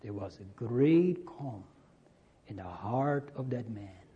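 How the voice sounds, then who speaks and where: A man preaching a sermon to a congregation, earnest and slow, repeating key phrases. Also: mid-range voice, expressive, mellow, breathy edge, dull audio.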